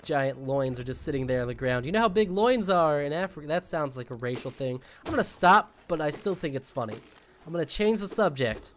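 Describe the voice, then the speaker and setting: A man's voice: a little high, lively intonation, fairly quick, a bit bright, slight background noise. A man chatting casually to his viewers while streaming a game, joking and rambling. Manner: jokey, rambling, talks to chat while playing. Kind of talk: casual gaming stream chat.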